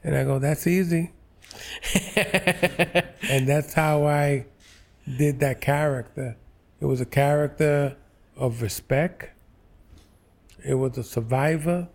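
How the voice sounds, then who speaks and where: A man in his sixties from New York's Lower East Side, an actor telling stories in an interview, slow and halting with many fillers. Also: gravelly, darkish tone. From New York, Lower East Side. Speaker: actor, guest. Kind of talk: relaxed interview storytelling.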